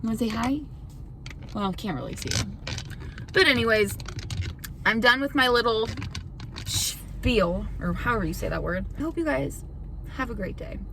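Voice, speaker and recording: A woman's voice: a little high, lively intonation, moderate pace, vocal fry, long pauses, noisy background. A young woman YouTuber in a casual vlog rant, frustrated and defensive. She swears often and rambles with lots of "like". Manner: rambling with filler "like".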